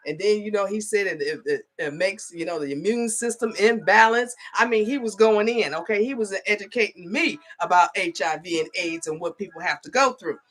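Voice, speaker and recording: A woman's voice: mid-range voice, a little fast, hardly any pauses, a bit bright. A middle-aged woman telling a story in a casual vlog, chatty and full of "okay?" and "you know". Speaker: spiritual advisor.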